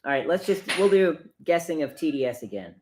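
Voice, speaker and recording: A man's voice: on the high side, sing-song, a little fast, a little hiss or hum. Chatty man hosting a coffee livestream. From United States. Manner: chatty, self-deprecating, laughs often. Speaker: livestream host. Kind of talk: casual livestream chat while brewing coffee.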